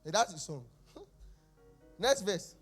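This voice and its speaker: Preacher, young man, high animated voice, faint music underneath. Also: slow pace, husky. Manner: animated storytelling with laughs and exclamations. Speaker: pastor. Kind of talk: sermon. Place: church service.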